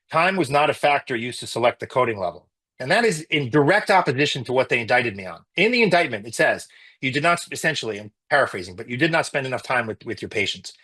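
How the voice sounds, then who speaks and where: A middle-aged man, a physician, giving an emotional personal account in an interview, halting with many restarts. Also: mid-range voice, fairly bright tone, slightly rough, rough recording.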